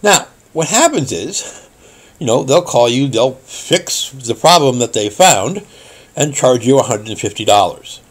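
A middle-aged man with a slightly husky voice rants to camera as a tech help host. He tells his story in a wry, indignant way and turns to earnest warnings for viewers. His pitch swings widely as he talks. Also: lively intonation, a little slow. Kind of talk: ranting vlog monologue.

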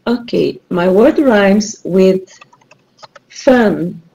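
A woman's voice: mid-range voice, lively intonation, drawn-out words, vocal fry, warm tone, poor audio. A woman teaching English online, running a rhyming word game and patiently repeating clues and praising her students.

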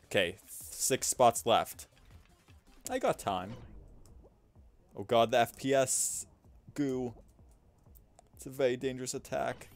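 A young man casually commenting on his gameplay while streaming, chatty and self-mocking, laughing at himself and swinging between mumbles and loud outbursts. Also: medium pitch, takes it slowly, pauses often, soft background music.

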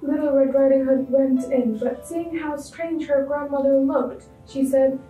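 A woman reading a children's story aloud in a clear, expressive storybook way. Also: sits high, measured pace, hardly any pauses, reverberant, far from the mic, highs cut off, soft background music.

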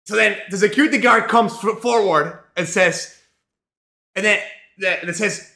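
A male streamer telling a rambling, profane story in a casual, animated way, full of fillers. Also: high-pitched, normal speed, vocal fry, echoey room.

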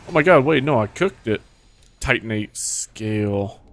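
A man's voice: on the low side, measured pace. Young male streamer, casual gameplay chatter, heavy swearing, sudden panicked yelps. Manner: excitable, swears often, jumps to yelps when hit. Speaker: gaming streamer.

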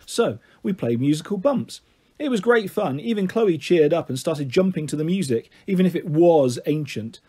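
A man narrating a children's book in a gentle, steady reading voice. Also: on the high side, normal speed, breathy edge. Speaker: storyteller.

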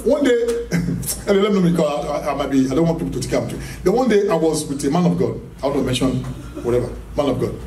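There's a little hiss or hum on this recording of a man with a fairly high, mellow voice, lively in intonation and fast-talking. He preaches emphatically in an echoey church hall, heard from a distance, repeating phrases, questioning the congregation and laughing often.

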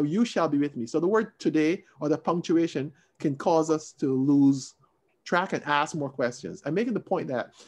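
A man with a fairly high voice teaching a Bible study over a video call. He talks in an expressive, emphatic way, lifting his voice to stress a point and then dropping into quiet asides. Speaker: Sunday school teacher.

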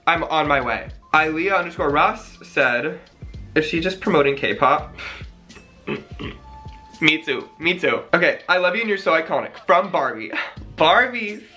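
A man's voice: fairly high pitch, expressive, pushed and bright, soft background music. A young man reading out fan messages in a gushing, dramatic casual chat. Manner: gushing, dramatic, quick gasps and sighs.

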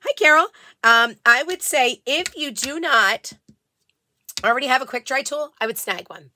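Bright, chatty woman hosting a live stream. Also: high voice, normal speed, slight background noise. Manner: chatty, greets viewers by name, restarts sentences. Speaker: live-selling craft host. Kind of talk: casual live-stream chat.

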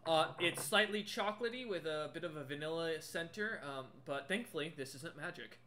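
A man running a tabletop role-playing game, narrating loosely with many fillers and restarts. His voice sits a little high and rings bright and forceful. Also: expressive, moderate pace. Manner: casual, filler-heavy, rambling. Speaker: game master.

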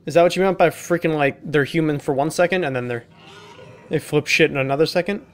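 A young man narrating his gameplay in a loose, profane, sarcastic way, mocking the notes as he reads them aloud. His voice sits a bit high for a man. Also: fast. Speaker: let's play gamer. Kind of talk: let's play commentary.

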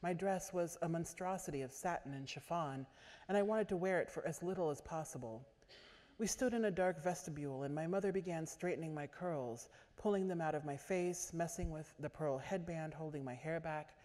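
A woman author giving a measured literary reading at a stage microphone in a large auditorium. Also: sits low, mellow. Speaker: author reading her fiction. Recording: echoey auditorium.

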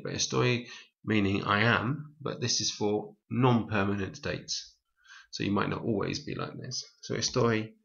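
Man, Spanish teacher, gravelly voice, bright edge, step-by-step explanations, dull lo-fi recording. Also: fairly low pitch. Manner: explains step by step, pauses to correct himself. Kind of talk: slide-based language lesson.

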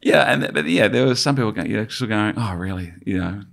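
Gravelly, halting Australian comedian. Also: male voice, mid-range voice, lively intonation, a bit bright. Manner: halting, many restarts and fillers. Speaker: stand-up comedian, guest. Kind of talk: casual podcast chat.

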